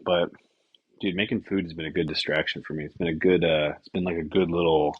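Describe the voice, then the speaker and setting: A man's voice: low-pitched, fairly even intonation, a little fast, breathy edge, no echo, highs cut off. A man hosting a solo podcast, rambling casually with frequent swearing and tangents. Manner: casual, profane, scattered and self-interrupting. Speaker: podcast host.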